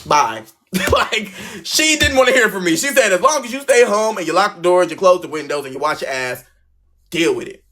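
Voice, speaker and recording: A man's voice: fairly high pitch, a bit bright. A young man casually telling a story from his childhood and acting out the voices of the people in it.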